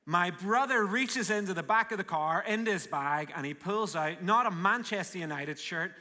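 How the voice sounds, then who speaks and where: A male pastor with a Northern Irish accent preaches live from a church stage. His voice sits a little high and rings bright and forceful, and his delivery is energetic and full of jokes. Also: moderate pace. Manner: warm, joking and energetic. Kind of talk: live sermon. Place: large church auditorium.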